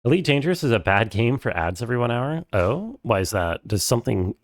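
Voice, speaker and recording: A man's voice: medium pitch, big pitch swings, a little fast, dry recording. A man streaming a first playthrough of a game, chatting casually with viewers and reading dialogue aloud.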